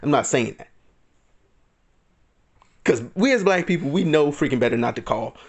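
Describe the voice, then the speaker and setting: This vlogger, a man, fires off heated ranting commentary full of indignation, putting on mock voices to perform other people's lines. His voice is a little high, with lively intonation and a moderate pace.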